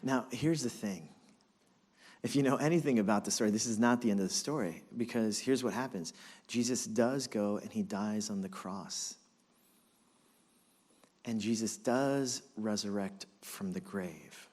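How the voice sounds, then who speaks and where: A man preaching as pastor, telling a story with animated, dramatic delivery. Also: fairly low pitch, measured pace, big-room sound. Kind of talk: sermon.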